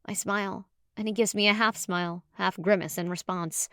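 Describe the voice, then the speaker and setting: A woman narrating a first-person audiobook in a lively, expressive storytelling manner. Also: mid-range voice, moderate pace, clean tone, no room sound. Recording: dry close studio sound.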